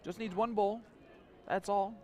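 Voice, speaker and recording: A man doing live darts commentary in a chatty manner, quick to laugh. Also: sits high, steady tone, mellow, a little hiss or hum.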